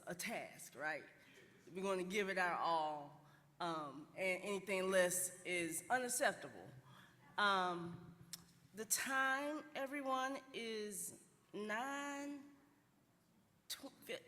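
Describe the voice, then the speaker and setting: A woman emceeing a conference, making unhurried announcements with frequent ums. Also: medium pitch, fairly bright tone. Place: large conference hall. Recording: echoey hall with long reverb.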